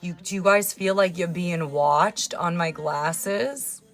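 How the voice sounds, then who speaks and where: A woman's voice: on the low side, takes it slowly, faint music behind. Sarcastic New woman livestreaming. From New York. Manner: sarcastic, teasing, loud and lively. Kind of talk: casual live-stream chat, reading comments.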